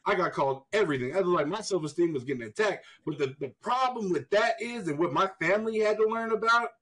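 A man co-hosting a podcast, telling stories in casual chat, animated and swearing freely, jumping up in pitch when he quotes people. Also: quick pace, low-quality recording. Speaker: podcast co-host.

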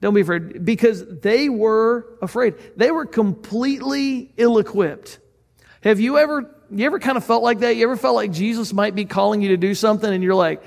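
A man's voice: sits high, fairly quick, creaky, in a large hall. A man preaching a sermon as pastor, speaking in a conversational, earnest way and asking the listeners questions.

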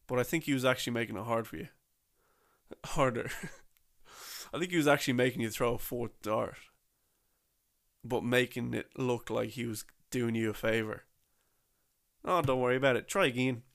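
A man's voice: medium pitch, fairly even intonation, normal speed. A young man telling a rambling, casual story about a trip, full of slang and restarts.

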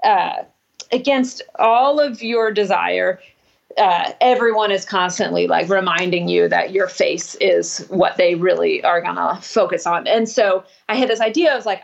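A woman musician telling stories in a casual interview, rambling and swearing, acting out quotes in a higher voice. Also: unhurried, vocal fry, dull audio. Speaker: musician guest.

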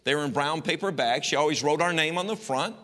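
Bright-voiced, animated middle-aged preacher. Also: male voice, fairly high pitch, fast. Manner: animated, folksy, swings between loud and hushed. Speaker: pastor. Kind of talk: storytelling sermon. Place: church sanctuary. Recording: long church reverb.

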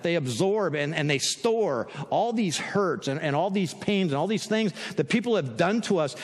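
A man delivers a sermon with a high, lively voice that swings up and down. He talks like he's chatting with his congregation, and a long reverb trails his words through the room. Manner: conversational, animated, asks "right?" often, with laughs. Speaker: pastor.

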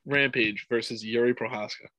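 A man co-hosting a casual podcast, talking excitably, swearing freely and acting out his own reactions. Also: mid-range voice, moderate pace, no echo. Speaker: podcast co-host. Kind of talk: casual fight-talk podcast chat.

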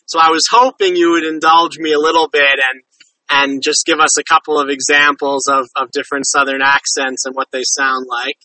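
A man hosts a podcast in a friendly, rambling way, often apologizing and circling back. His voice is fairly high and very bright. He sounds a bit far from the mic in a dry room. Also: level tone, moderate pace, dry recording. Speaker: podcast host. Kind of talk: casual interview chat.

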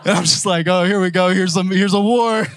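A young man preaching a fervent sermon, swinging from shouted declarations to slangy, casual asides. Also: sits high, fairly even intonation, a little fast, dry recording. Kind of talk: energetic sermon.

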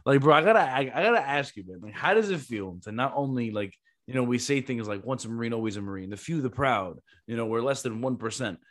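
A man hosting a podcast in a casual, animated and profane way, telling long run-on stories. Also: mid-range voice, brisk, hardly any pauses. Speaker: podcast host, former Marine recruiter. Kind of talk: casual chat.

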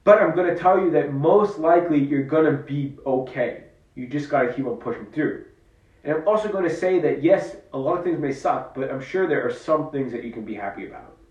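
A man's voice: on the high side, a little mellow. An earnest man reflects on struggle in a personal vlog, speaking as if coaching himself. He sits well away from the mic in a roomy, echoing space. The recording sounds slightly muffled. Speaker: vlogger. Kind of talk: personal motivational monologue. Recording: roomy, distant, dull-sounding.

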